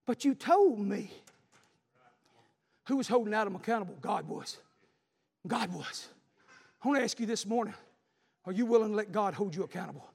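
Male pastor, very high voice, fervent shouted sermon, long church reverb. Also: very animated, normal speed. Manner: fervent, cries out and shouts in bursts.

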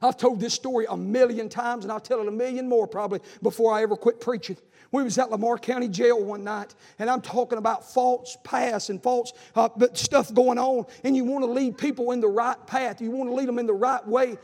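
A man's voice: very high voice, fairly even intonation, fairly quick, a little mellow. A man preaching a revival sermon, fervent and repetitive, with folksy asides. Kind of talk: revival sermon with personal testimony. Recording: long reverb of a large hall.

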